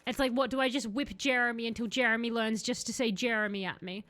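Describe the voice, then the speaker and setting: A woman's voice: on the high side, steady tone, quick pace, hardly any pauses, a bit bright, no room sound. A young woman streaming a game, chatting sarcastically and wandering off on tangents. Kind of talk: casual gameplay commentary.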